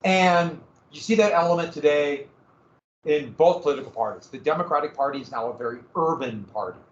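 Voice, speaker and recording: A man's voice: a little high, a little fast. Man giving a roomy, lo-fi history lecture. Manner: conversational, rhetorical questions, frequent self-corrections. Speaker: history teacher. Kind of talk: classroom lecture. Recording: roomy, dull lo-fi classroom recording.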